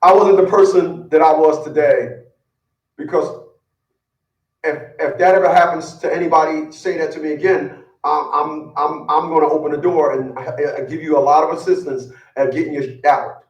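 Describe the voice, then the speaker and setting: A man's voice: on the high side, fairly even intonation, moderate pace, roomy sound, far from the mic, rough recording. A man giving blunt, boastful relationship advice in a casual, profane rant, often repeating words as he gets worked up. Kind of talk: casual ranting monologue.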